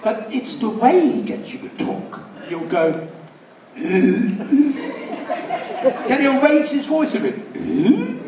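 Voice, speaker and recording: A man with an English accent doing a stand-up comedy routine, firing off one-liners in a loud, punchy delivery. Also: extremely high pitch, very animated, moderate pace. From England. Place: casino show room before a live audience. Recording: roomy live hall, mic at a distance, crowd and noise. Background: audience laughter.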